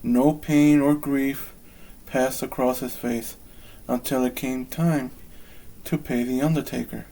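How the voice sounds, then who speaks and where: A man reading a bedtime storybook aloud in a calm, measured way. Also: mid-range voice, rough recording. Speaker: storybook reader.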